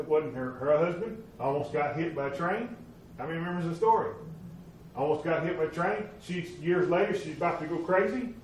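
A man preaching a sermon, retelling stories and acting out the voices of the people in them, moving between loud emphatic lines and hushed ones. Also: fairly high pitch. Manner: animated, acts out quoted voices, swings from loud to hushed. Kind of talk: sermon storytelling. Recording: very echoey room, from a distance, faint noise.

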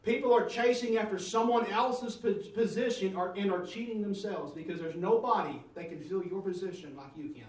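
A man with a high voice preaches a sermon, telling a story and asking the congregation to answer back. He stands away from the mic in a roomy church, so his voice carries a lot of room echo. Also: a little fast, few pauses, a little mellow, recorded from a distance.

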